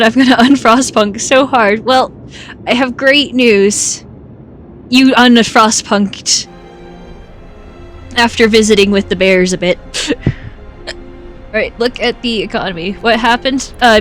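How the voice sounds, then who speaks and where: A higher-pitched woman chats slowly and casually with her viewers while she plays, breaking into giggles between lines. She has the hiccups, and faint game music plays behind her. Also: fairly bright tone. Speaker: streamer. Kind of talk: casual live-stream chat while gaming.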